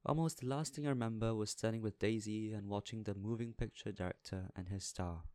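Brief: male audiobook narrator, low voice, measured, dry close recording. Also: warm tone, no echo. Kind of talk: scripted narration.

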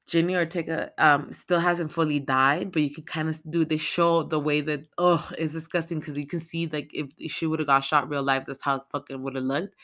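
A podcast host casually retelling a horror movie's plot, swearing constantly and rambling with excitement. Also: mid-range voice.

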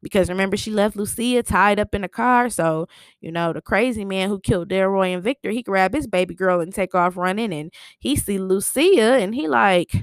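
A woman's voice: mid-range voice, moderate pace, clean tone, no room sound, studio quality. A woman casually recapping a TV episode, telling it in a chatty, slangy way with lots of fillers.

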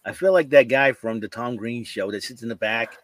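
A man's voice: mid-range voice, fairly quick. A man co-hosting a casual podcast, goofing around and teasing the others. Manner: joking, goofy, teasing. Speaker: podcast co-host.

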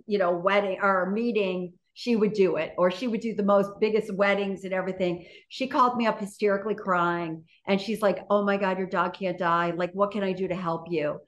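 This is a woman guest on an interview show, telling a story in a casual, chatty way. Her talk is full of fillers like "you know" and "like", and it rises and falls as she goes. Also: medium pitch.

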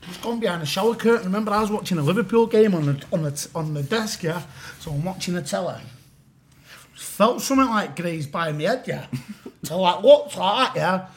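Animated man, high voice. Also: brisk. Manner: animated, peppers lines with "yeah". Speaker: podcast guest, rapper. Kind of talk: casual storytelling chat.

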